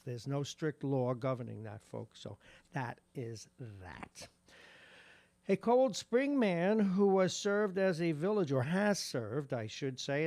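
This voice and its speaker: Morning radio host, male, New York accent, gravelly, dry close mic, wry asides between headlines. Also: fairly high pitch, a little mellow, dry recording. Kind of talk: reading local news with side commentary. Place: radio studio.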